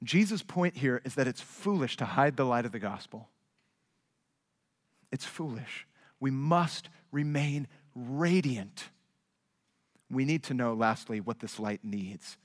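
A man preaching a sermon as pastor, with emphatic, repetitive rhetoric that swings between quiet low asides and raised, urgent stresses. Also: lively intonation, slow pace, pauses often. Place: large church sanctuary. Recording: long hall reverb.

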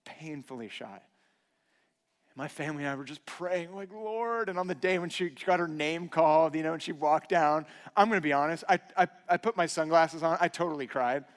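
A man in his thirties preaching a sermon, telling personal stories earnestly and dropping to a hushed voice for emphasis. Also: fairly high pitch, brisk. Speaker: pastor. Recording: long hall reverb.

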